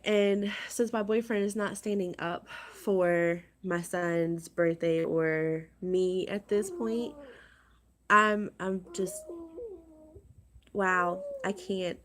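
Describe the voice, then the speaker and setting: A woman vlogging to her viewers, upset and agitated, talking in a halting, exasperated way and repeating herself. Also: fairly low pitch, a bit bright. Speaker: crafting vlogger. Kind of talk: casual vlog rant to viewers.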